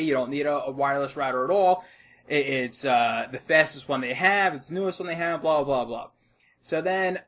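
A man's voice: a little high, fairly bright tone. A young American man co-hosting a podcast, telling an exasperated story with a lot of swearing and acting out both sides of the conversation. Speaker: podcast co-host. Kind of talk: casual profane storytelling.

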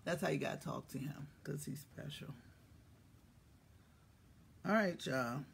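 Husky-voiced, profane live-stream host. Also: medium pitch, a little slow. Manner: swings from quiet asides to loud shouted greetings; profane, joking banter. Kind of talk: casual live-stream chat.

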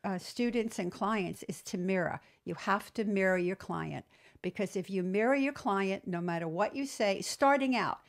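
A woman entrepreneur telling stories in an interview, lively, acting out quoted dialogue. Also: mid-range voice, normal speed. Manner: animated storyteller, acts out quoted dialogue. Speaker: entrepreneur guest; business trainer. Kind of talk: storytelling interview.

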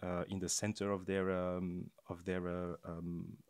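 A man speaking as a guest on a podcast, hesitant and full of pauses and fillers. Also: sits low, little pitch movement, a little mellow, no room sound. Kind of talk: casual conversation.

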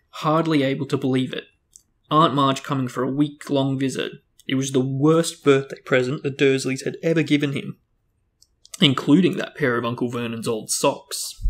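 A man reads a novel aloud in steady, plain narration. His voice sits in a middle pitch, even and unhurried. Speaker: reader and show co-host.

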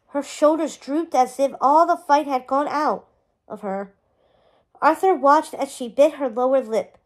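High-voiced woman reading a novel aloud. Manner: expressive storytelling. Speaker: read-aloud narrator.

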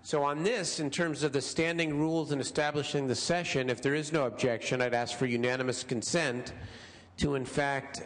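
A middle-aged man, a state senator, making measured procedural requests on the floor with some hesitant fillers. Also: mid-range voice. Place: large legislative chamber. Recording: reverberant legislative chamber.

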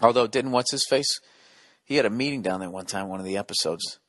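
A man's voice: on the low side, brisk, a bit bright, dry recording. Profane, exasperated middle-aged man. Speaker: podcast host reading listener letters. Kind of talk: comedic podcast banter.

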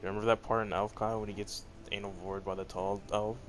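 A young man cracking crude jokes and shouting at the game while playing with friends. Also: fairly low pitch, flat delivery, fast talker, noisy background. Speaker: gamer in voice chat. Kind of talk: casual gaming banter.

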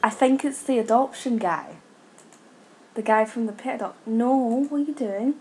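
A woman's voice: on the high side, moderate pace, dark tone. A young woman commenting on a life-sim game, scolding her characters in exasperation. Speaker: gaming YouTuber. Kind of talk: casual Let's Play commentary.

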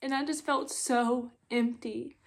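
A young woman, telling her own story at home as a mother vlogger, tearful and halting, with many filler words. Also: a little high, steady tone. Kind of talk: emotional personal storytelling. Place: at home on a couch.

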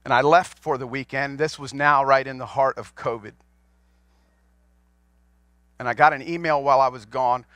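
A man's voice: medium pitch, moderate pace, pauses often, a bit bright, no echo, clean studio sound. A man in his forties, a pastor, preaching a sermon to his congregation in a folksy storytelling way, asking them questions as he goes. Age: 40s. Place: church sanctuary.

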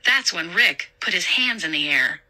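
Bright woman narrating a suspenseful story. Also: lowish voice, lively intonation, moderate pace, rough recording.

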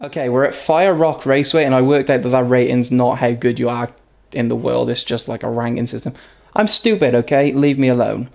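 A man commenting on his own racing gameplay, joking at his own expense and yelping loudly when he crashes. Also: fairly even intonation, a little fast, gravelly. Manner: self-mocking, yelps high when crashing. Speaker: gaming YouTuber. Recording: loud background noise.

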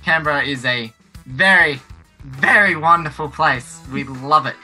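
Dry sarcastic man, very bright. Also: a little high, a little slow, faint music behind, poor audio. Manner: dryly sarcastic. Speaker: trivia host. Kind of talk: casual self-introduction.

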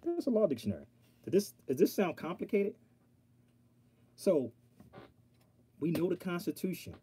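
A man hosting an online livestream, talking straight to his viewers in an animated, preachy way and reading aloud from a law dictionary. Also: sits high, moderate pace. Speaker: online show host. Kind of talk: casual livestream talk.

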